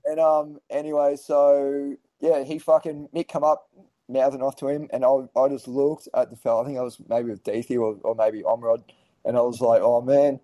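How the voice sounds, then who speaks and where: Male guest, warm low-key tone, casual storyteller full of fillers. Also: little pitch movement, moderate pace, no room sound, rough recording. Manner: rambling, swears casually, many fillers and restarts. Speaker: podcast guest.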